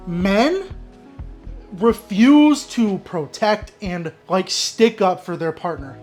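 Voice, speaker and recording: Soft music plays behind this advice-channel host as he reads an online story aloud, slowly, in a high-pitched, slightly mellow voice with lively intonation. His reactions are blunt and exasperated, spilling over into frustrated rants.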